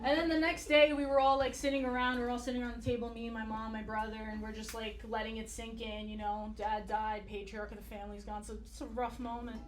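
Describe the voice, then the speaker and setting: A woman doing a stand-up comedy set with a dry, blunt, profane deadpan delivery. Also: fairly high pitch, fast, few pauses, slight background noise. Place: comedy club stage. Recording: roomy club sound from far off. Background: audience laughter.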